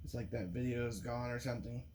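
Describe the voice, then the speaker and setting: A man's voice: mid-range voice, fairly even intonation, fast talker, darkish tone, a little hiss or hum. A man in a rambling monologue, talking with frequent restarts and profanity. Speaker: vlogger.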